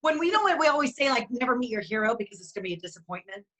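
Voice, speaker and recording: A woman's voice: on the high side, sing-song, racing, a bit bright. A middle-aged woman co-hosting a casual talk show, telling stories in an effusive, rambling way. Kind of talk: casual chat.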